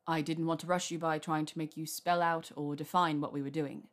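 A woman voicing a mortified young male wizard who mutters and sighs in a low voice. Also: flat delivery, fairly quick, lightly acted. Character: mortified young wizard, a man, weary and self-mocking.

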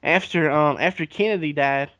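A man's voice: a little high, normal speed, sharp tone, no echo. A man, casually retelling history on a podcast with profanity and acted-out dialogue. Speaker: podcast co-host. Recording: dull lo-fi recording.

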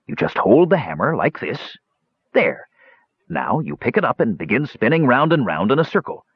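A man voicing a sly, boastful bearded dwarf who talks gruffly and calls others laddie, in a storybook reading. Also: medium pitch, very animated, moderate pace, no room sound, muffled recording, voice pushed up. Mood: coaxing.

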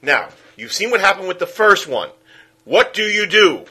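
A man with a Brooklyn accent, co-hosting a casual film-review podcast. He rants with lots of energy and slips into the voices of film characters. His voice is bright and swoops widely in pitch. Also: moderate pace, slightly rough. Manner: animated, ranting, acts out film characters in quotes. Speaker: podcast co-host.

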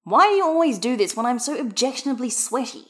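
An easygoing, wry man who teases and grumbles good-naturedly, as a woman reads him in a fan audiobook. His lines sit a little above her narrating voice and move lively. He sounds relaxed. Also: high-pitched, fast talker, voice pushed up. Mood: teasing. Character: wry, easygoing male figure skater.

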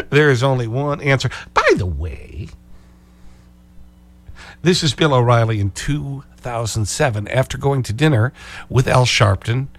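Sarcastic, animated male radio host. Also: medium pitch. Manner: sarcastic, animated, repeating phrases. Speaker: radio talk show host. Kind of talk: call-in radio talk.

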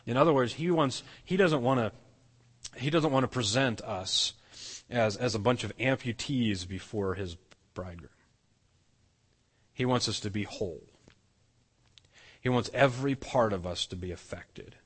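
Pastor preaching in a reverberant church. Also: male voice, medium pitch, moderate pace, long pauses, slightly rough. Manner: earnest, many restarts and repeated words. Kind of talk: sermon. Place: church sanctuary.

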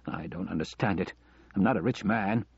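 A man voicing a panicked male doctor and father who shouts and snaps at his wife, in a dull lo-fi audiobook recording. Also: low voice, moderate pace, gravelly, slightly rough, no room sound, exaggerated voice. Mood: agitated. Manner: loud, agitated, snapping.

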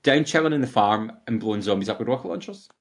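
A man's voice: medium pitch, lively intonation, quick pace. A young man co-hosting a podcast, chatting casually and rambling through gaming stories. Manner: chatty and rambling, quoting game lines in put-on voices. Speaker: podcast co-host. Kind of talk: casual chat.

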